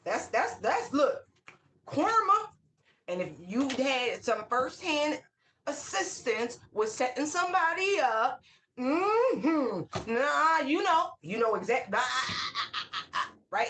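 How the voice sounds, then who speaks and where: In a high-pitched voice over a slight hiss or hum, a woman delivers a casual spiritual tarot reading. She's outspoken and emphatic, says things more than once, curses freely and bursts into excited whoops.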